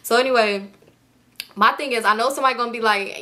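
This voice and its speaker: A young woman rattles off a storytime at a quick clip, her voice bright and sharp and sitting a little high. She is exasperated, swears freely and retells everything with animation. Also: lively intonation. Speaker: storytime YouTuber. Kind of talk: casual storytime.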